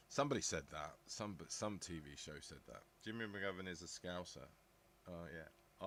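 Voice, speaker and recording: A middle-aged man from southern England hosts a casual live stream, thinking aloud and answering viewers' comments. His voice sits a little low but has a bright, forceful edge. He rambles and muses as he goes. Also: moderate pace, a little hiss or hum. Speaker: live stream host reading chat. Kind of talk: casual live-chat talk.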